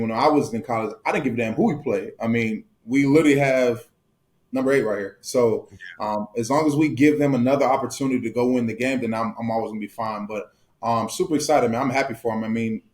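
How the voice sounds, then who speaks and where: A young man talking quickly in a relaxed interview. He tells stories in a loose, easygoing way, full of fillers and small laughs, at a middle pitch. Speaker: football player guest. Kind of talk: casual interview talk.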